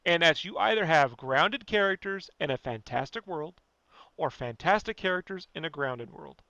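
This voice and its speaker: A podcast guest with a high, bright voice rants casually, animated and profane, pushing his point again and again at a moderate pace. The audio is dry, close, and dull, with no room sound or echo.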